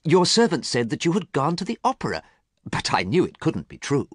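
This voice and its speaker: A man's voice: on the high side, huge pitch swings, a little fast, no room sound, studio quality, pitched above the performer's own voice. A man voicing a worried, earnest male painter who pleads with a friend, in a storybook reading. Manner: pleading, anxious.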